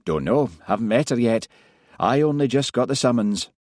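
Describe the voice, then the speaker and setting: A man voicing a brisk, offhand male detective inspector. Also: mid-range voice, expressive, a little mellow, dry recording, clean studio sound, pitched above the performer's own voice, natural voice.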